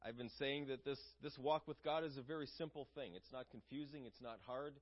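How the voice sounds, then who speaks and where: A man's voice: mid-range voice, fairly even intonation, a little fast, lo-fi sound. A man preaching a sermon in an earnest, conversational way, asking his listeners questions.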